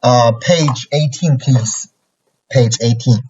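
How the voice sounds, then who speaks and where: A man's voice: mid-range voice, takes it slowly, darkish tone, soft background music. A man teaching Chinese pronunciation in a classroom lesson, who keeps checking in with a questioning "okay?". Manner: ends phrases with a checking "okay?". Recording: dull lo-fi recording.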